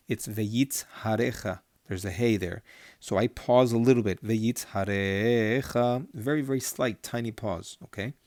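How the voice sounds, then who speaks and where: Patient male teacher, mid-pitched voice, chants words slowly and then explains them; dry, close sound. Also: a little mellow, no room sound. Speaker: Hebrew teacher. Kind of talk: lesson on Torah cantillation.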